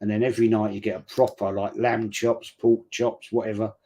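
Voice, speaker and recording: Chatty middle-aged bloke. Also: male voice, fairly low pitch, level tone, fairly quick, mellow. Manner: chatty rambling storyteller, blokey slang. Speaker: watch-along streamer. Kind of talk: casual live chat during a football match.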